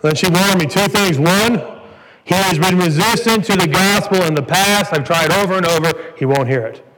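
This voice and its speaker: A man's voice: sits high, normal speed, a bit bright. A man preaching a sermon as pastor, earnest and building to emphatic peaks. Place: church sanctuary. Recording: church hall reverb, faint noise.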